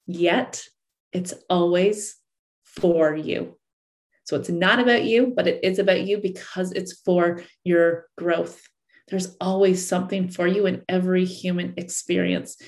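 A woman's voice: lowish voice, darkish tone. A woman relationship coach giving an earnest coaching talk to listeners, repeating and rephrasing her points. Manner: earnest, repeats and rephrases, acts out angry partners.

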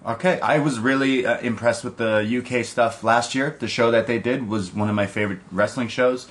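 A man's voice: mid-range voice, fairly quick, a bit bright. A man co-hosting a casual podcast, chatty and laughing often as he recaps wrestling shows. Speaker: podcast co-host. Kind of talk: casual chat.

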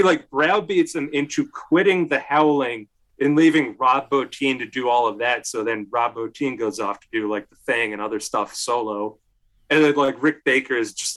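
A man's voice: mid-range voice, a bit bright. Chatty man telling a film story. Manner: chatty storyteller, leans on "like", acts out quotes. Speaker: podcast co-host. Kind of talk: casual film discussion.

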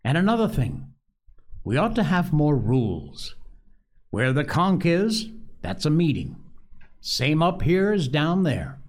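A man's voice: a little high, huge pitch swings, slow pace, pauses often, voice pushed up, heavily acted. A man reading aloud, voicing a young boy who takes charge of the group in an urgent, commanding way. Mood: earnest. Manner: raised and urgent.

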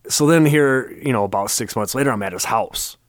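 A man, a podcast guest telling a story in casual chat, animated, acting out the quotes and laughing often. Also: medium pitch, brisk, no echo, studio quality.

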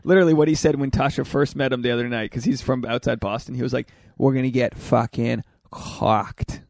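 A man's voice: mid-range voice, rapid-fire, a little mellow, no room sound. Guy co-hosting a podcast, rambling storyteller, swears a lot, dry close mic. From Rhode Island. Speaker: podcast co-host, stand-up comedian. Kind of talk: casual chat.

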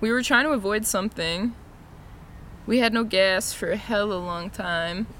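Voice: medium pitch, moderate pace, sharp tone, a little hiss or hum. Laid-back host with a New York accent. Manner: laid-back, laughs often, swears freely. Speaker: podcast host. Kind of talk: casual chat.

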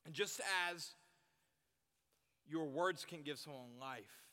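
A man's voice: a little high, slow pace, fairly bright tone. A young man preaching to a youth group, earnest, repeating his key phrases for emphasis. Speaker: youth pastor. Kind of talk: sermon. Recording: long reverb in a hall.

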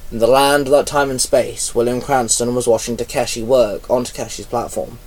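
A man reading his own action story aloud at an unhurried pace, now and then pausing on a stumble. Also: mid-range voice, steady tone, a little mellow. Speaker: fan fiction reader. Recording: voice a bit far from mic.

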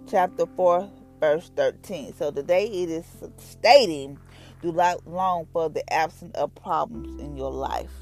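Folksy woman sharing a devotional. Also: on the low side. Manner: conversational, folksy, animated retelling. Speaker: devotional podcast host. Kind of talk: casual devotional talk.

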